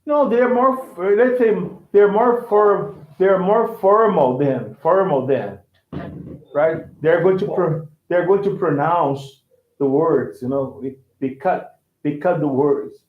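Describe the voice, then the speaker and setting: Male teacher, slightly high-pitched, repetitive, on an echoey phone-quality line. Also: slow pace. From Brazil. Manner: repetitive, restarts phrases and checks with "right?". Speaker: language teacher. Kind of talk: casual online lesson.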